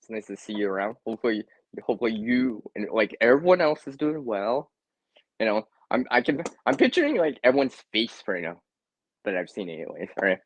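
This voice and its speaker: A man's voice: medium pitch, big pitch swings, a little fast, no echo, rough recording. A man hosting a casual live stream from home, chatty, laughing often and repeating words. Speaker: livestream host.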